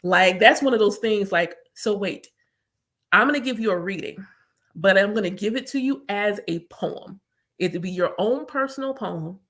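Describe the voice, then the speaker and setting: A woman's voice: medium pitch, normal speed, a bit bright. A woman who works as a spiritual reader, chatting casually with viewers in an emphatic way and repeating her points. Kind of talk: casual live chat to viewers.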